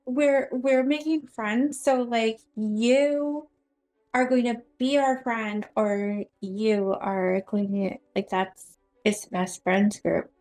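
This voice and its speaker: A woman playing a tabletop game, bubbly and quick, talking as herself and her character. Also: a little high, steady tone, a little mellow, rough recording. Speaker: player. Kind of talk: casual tabletop role-play.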